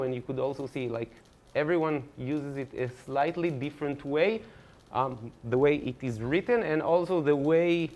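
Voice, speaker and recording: A young adult man giving a lecture, explaining casually with many fillers and restarts, often checking in with the audience. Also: mid-range voice. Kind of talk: academic talk. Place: lecture room.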